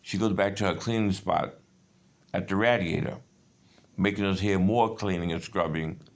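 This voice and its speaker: A man's voice: low voice, moderate pace. A man in his fifties in a rambling personal monologue, agitated and profane, jumping between stories. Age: 50s. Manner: agitated, profane, digressive storytelling.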